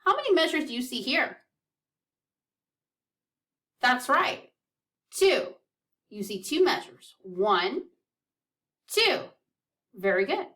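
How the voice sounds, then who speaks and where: A woman's voice: fairly high pitch, sing-song, slow, long pauses, a bit bright, distant mic. A woman teaching a children's music lesson, counting beats aloud in an upbeat, encouraging way.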